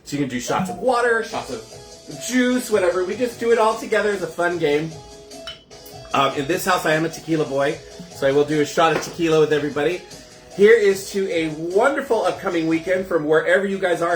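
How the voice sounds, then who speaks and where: A man's voice: a little high, expressive, a little fast, echoey room, soft background music. A man hosting a casual live cocktail show from his kitchen, chatty and gushing as he greets viewers. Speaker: host of a home cocktail livestream.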